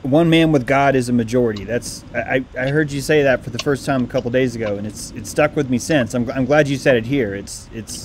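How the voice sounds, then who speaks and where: A man hosting a casual podcast, speaking hesitantly with many halting fillers. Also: mid-range voice, a little hiss or hum.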